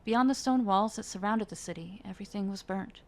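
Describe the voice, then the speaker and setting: A woman's voice: mid-range voice, fairly quick, darkish tone. A woman reading aloud a chapter of her own fantasy novel, lifting her voice for the characters' dialogue. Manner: reads the characters' lines with rising emotion. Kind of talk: dramatic fiction reading.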